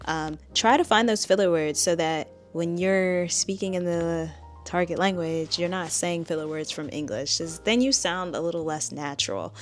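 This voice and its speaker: A woman's voice: fairly low pitch, normal speed, faint music behind. A woman giving a casual spoken language tutorial, chatty and direct as she coaches the viewer.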